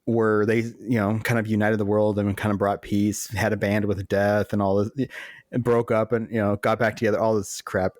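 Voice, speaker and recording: A man's voice: fairly low pitch, a little mellow, no room sound, studio quality. A man co-hosting a podcast, chatting casually in an upbeat way and laughing easily. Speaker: podcast co-host. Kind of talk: casual chat.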